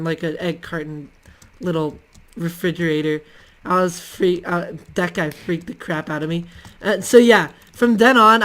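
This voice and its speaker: A man's voice: high voice, a bit bright. A male channel host telling casual stories to the camera in a rambling, hesitant way, full of ums and restarts.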